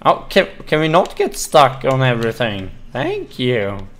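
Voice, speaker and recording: Guy yelling and cursing thru his game, bright voice, kinda slow. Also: medium pitch. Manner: excitable, swearing, exclaiming and laughing while playing. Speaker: gaming video host. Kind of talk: casual let's-play commentary.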